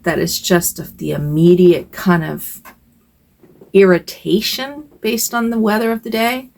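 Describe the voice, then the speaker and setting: Older woman vlogger, casual home chat, hesitant and rambling, low gravelly voice. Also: unhurried, a little mellow. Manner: rambling, hesitant, with sighs and fillers.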